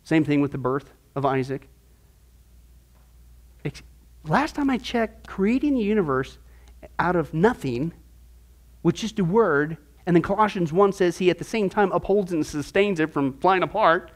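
A man's voice: sits high, expressive, normal speed, a bit bright. A man teaching a Bible discipleship class as pastor, firing off rhetorical questions with folksy asides.

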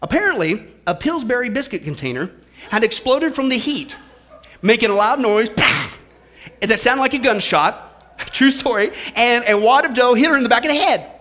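Male preacher, folksy joking sermon delivery, high pitched and bright. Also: lively intonation, moderate pace. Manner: folksy and joking, with shifting emphasis. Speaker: pastor. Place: church.

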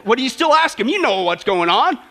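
A man's voice: extremely high pitch, very animated, fairly quick, a bit bright. A male pastor giving a humorous sermon, chatting with listeners and asking them questions. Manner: conversational, asks listeners questions, jokes.

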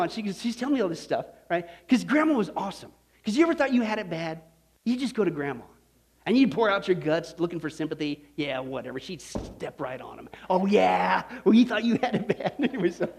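High-voiced folksy man preaching. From Kansas, United States. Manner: animated, folksy, keeps checking in with the audience ("okay?", "right?"); laughs at his own stories. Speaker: preacher teaching a Bible study. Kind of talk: storytelling sermon to a live audience.

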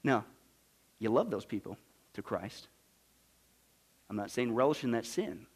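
A male pastor preaching a sermon, swinging from hushed, low lines to loud, emphatic ones. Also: expressive, a little slow, breathy edge.

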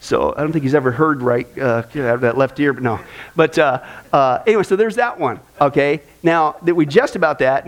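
A man teaching a church discipleship class in a conversational way, with frequent fillers and repeated words and lively personal stories. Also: sits high. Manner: tells lively personal stories, acting out voices.

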